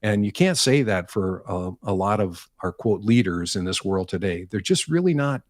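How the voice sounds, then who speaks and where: A man's voice: on the low side, normal speed, no echo, clean studio sound. An older man, a retired newsman, telling anecdotes in a casual interview and acting out the exchanges he describes. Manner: animated anecdotes, acts out quoted exchanges. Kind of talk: casual storytelling.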